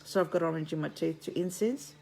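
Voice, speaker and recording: A low, creaky, mellow female voice moves quickly over soft background music, captured on a phone. The speaker, an online spiritual commentator with Greek roots residing in Australia, gives a blunt, preachy monologue on a livestream from home. She curses freely and calls her audience friends.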